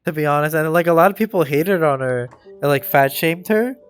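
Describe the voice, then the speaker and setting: A young man hosting a casual live stream, talking in loose, slangy, animated bursts. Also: a little high, brisk, smooth, soft background music.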